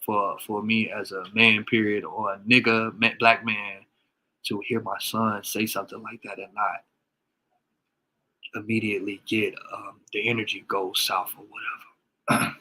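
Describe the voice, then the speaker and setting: A man's voice: on the low side, flat delivery, normal speed, pushed and bright. A man speaking to his followers in a casual vlog as an emotional father, his voice crackling as he stumbles and repeats words.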